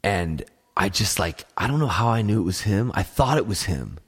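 A man with a husky, slightly low voice tells long, meandering stories in relaxed conversation. He swears freely and leans on "like" constantly, drifting from one tangent to the next. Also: normal speed. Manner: rambling, profane storytelling, heavy use of "like". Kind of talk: casual chat.

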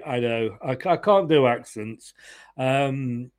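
A man's voice: medium pitch, expressive, slow pace. A man hosting a casual football fan live stream, chatty and opinionated, often laughing as he greets viewers.

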